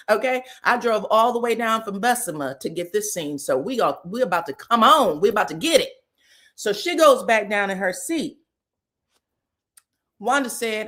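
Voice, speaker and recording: A woman hosting a casual reality TV recap, animated and profane, acting out quotes with loud outbursts and laughter. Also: mid-range voice, moderate pace.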